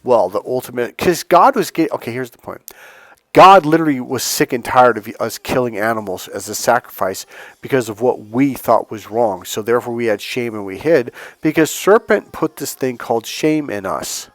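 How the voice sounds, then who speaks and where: A man's voice: mid-range voice, normal speed, no echo. Emphatic preachy man. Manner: animated, acts out other people's lines in the story. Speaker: dating and healing coach. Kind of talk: motivational talk with a retold story. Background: faint music.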